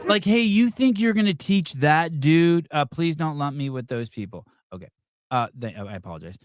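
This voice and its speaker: A man's voice: a little high, lively intonation, normal speed. Blunt, profane male podcast host. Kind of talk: live podcast, reacting to videos.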